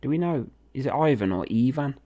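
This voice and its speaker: A man's voice: mid-range voice, animated, a little fast, warm tone, dull audio. Chatty young man. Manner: chatty, reacting aloud as he plays. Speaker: gaming video host. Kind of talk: casual game commentary.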